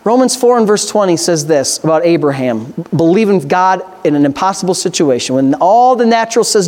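High-voiced man preaching emphatically. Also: lively intonation, moderate pace, a little mellow. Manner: emphatic preaching with rhetorical questions and Scripture reading. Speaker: pastor. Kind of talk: sermon.

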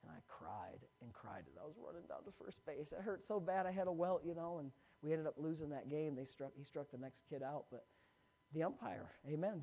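A slightly higher-voiced man preaches from a stage microphone, weaving a lively personal story into his sermon. He builds each point with rising emphasis, then drops back into a conversational tone. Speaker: pastor.

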